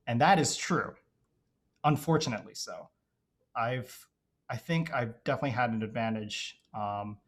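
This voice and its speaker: A man's voice: lowish voice, creaky. A young man raised in Dubai, guest on a casual podcast interview, talking in a hesitant, reflective way full of fillers. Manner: hesitant, reflective, heavy use of "like" and "you know".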